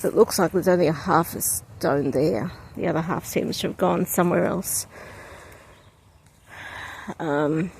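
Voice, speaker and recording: Her deep, creaky voice is a little mellow with a breathy edge as this vlogger from outside Poland walks a breezy outdoor cemetery. Chatty and reflective, she talks to her handheld camera with frequent ums.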